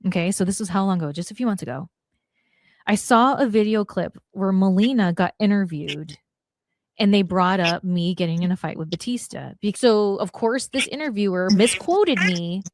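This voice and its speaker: A woman's voice: medium pitch, moderate pace, no room sound, studio quality. A woman in her forties, a guest on a podcast, telling stories bluntly and acting out the lines she quotes. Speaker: podcast guest, former wrestler. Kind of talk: casual storytelling chat.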